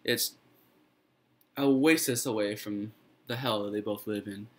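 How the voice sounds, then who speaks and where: A man's voice: lowish voice, measured pace. Young man telling a made-up fairy tale. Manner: loose and informal, with fillers and restarts. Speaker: student storyteller.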